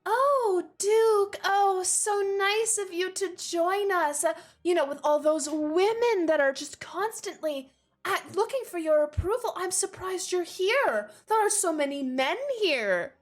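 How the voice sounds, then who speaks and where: A woman's voice: extremely high pitch, expressive, a little slow, voice pushed up. A woman voicing a sly, haughty noblewoman who talks with sweet sarcasm. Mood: mocking.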